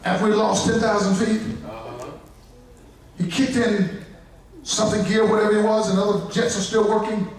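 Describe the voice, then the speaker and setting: High-voiced preacher shouting in an echoey church. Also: male voice, flat delivery, moderate pace, long pauses. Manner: builds from low storytelling to shouted climaxes; folksy, humorous asides to the congregation. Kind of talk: revival sermon storytelling. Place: church sanctuary. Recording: echoey church hall from far off, congregation. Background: congregation responding.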